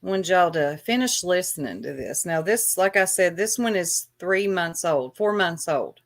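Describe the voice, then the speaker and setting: A woman's voice: on the low side, animated, normal speed. A woman vlogger ranting on a livestream in a taunting, sarcastic way. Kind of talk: livestream rant.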